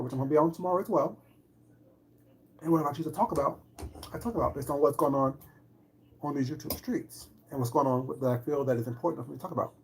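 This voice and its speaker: A woman's voice: low-pitched, slight background noise. A woman on a livestream, commenting on online drama with sarcastic rhetorical questions. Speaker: streamer.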